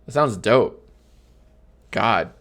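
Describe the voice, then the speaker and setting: A man in his thirties chatting casually on a live stream, joking, sarcastic and swearing freely, often breaking into high laughter. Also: lively intonation, extremely slow, a bit bright.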